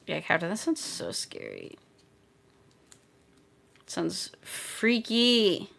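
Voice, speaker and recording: A woman's voice: fairly low pitch, huge pitch swings, drawn-out words, creaky, fairly bright tone. A woman live streaming while crafting, chatting casually and reading viewer comments aloud. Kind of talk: casual livestream chat.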